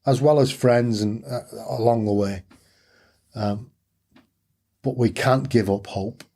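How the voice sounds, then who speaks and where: A man's voice: mid-range voice, fairly even intonation, slow, warm tone. A middle-aged man, telling his story candidly and earnestly as an interview guest, repeating phrases for emphasis.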